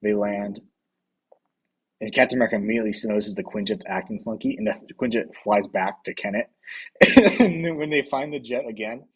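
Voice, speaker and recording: A man's voice: lowish voice, breathy edge, low-quality recording. A man streaming casual commentary, rambling, laughing often, swearing and answering the chat aloud.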